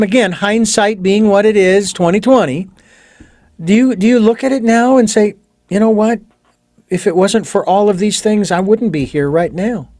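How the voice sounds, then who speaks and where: High-voiced male podcast host. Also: darkish tone, no room sound, clean studio sound. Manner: slow, deliberate questions, with short back-channel replies. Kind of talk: podcast interview.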